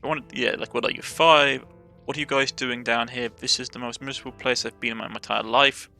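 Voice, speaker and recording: Gravelly Cornish man reading a game aloud. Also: medium pitch, level tone, quick pace, pushed and bright, faint music behind. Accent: Cornish English. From Cornwall, England. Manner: reads dialogue and narration aloud, stumbles and corrects himself. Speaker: let's play gamer. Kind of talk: reading game text aloud with light character voices.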